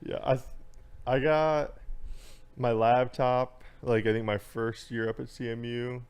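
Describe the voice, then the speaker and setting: A young man, a podcast guest, chatting casually in halting phrases that restart often, getting worked up as he vents. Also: medium pitch, little pitch movement, darkish tone, smooth. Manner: halting, many restarts, gets worked up when venting. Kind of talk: casual chat.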